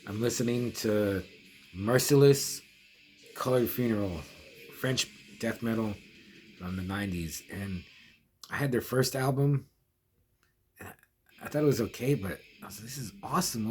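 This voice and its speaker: In a lowish, darkish voice, a middle-aged man narrates a long story at normal speed, pausing often. It's a casual, rambling bit for his horror review vlog, with many restarts and quoted asides, set against music.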